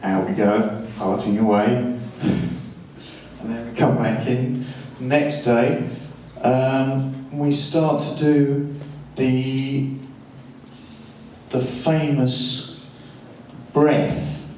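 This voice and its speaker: A man's voice: mid-range voice, fairly even intonation, extremely slow, pauses often, darkish tone, slight background noise. A man who is a record producer, telling studio stories in a dry anecdotal way and acting out what people said. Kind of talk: studio walkthrough talk. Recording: distant roomy mic with music.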